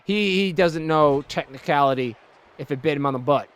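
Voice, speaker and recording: A man's voice: on the high side, moderate pace, fairly bright tone, clean tone. A young man hosting a wrestling video game series, giving rambling, jokey play-by-play commentary. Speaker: let's play host.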